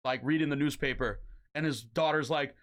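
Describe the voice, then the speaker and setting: A young man co-hosting a casual podcast, talking in an animated, swearing way and slipping into mock voices. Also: medium pitch, a little fast. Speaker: podcast co-host.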